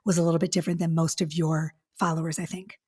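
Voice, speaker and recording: A woman hosting a podcast, chatting in a gushing, excitable way with lots of restarts. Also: sits low, fast talker, husky. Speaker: podcast host. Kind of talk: casual podcast chat.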